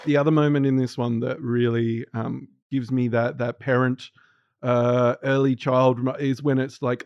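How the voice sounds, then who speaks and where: A man's voice: mid-range voice, level tone, moderate pace, clean tone, no echo. A man co-hosting a podcast in casual chat, dropping dry, wry remarks. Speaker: podcast co-host. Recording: slightly dull, dry sound.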